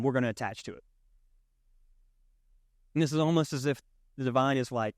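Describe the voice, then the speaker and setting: A man's voice: on the high side, expressive, normal speed, pauses often, no echo, clean studio sound. A male pastor preaching a sermon in a conversational way, often checking in with his listeners.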